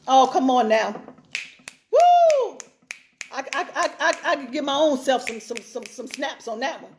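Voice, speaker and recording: High-voiced woman preaching with emphasis. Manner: emphatic, repeats phrases for stress. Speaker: pastor. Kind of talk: sermon-style teaching talk.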